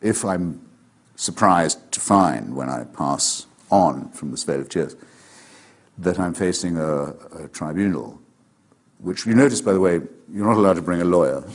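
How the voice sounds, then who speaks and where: Deep husky sardonic man. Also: animated. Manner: sardonic, deliberate, precise wording.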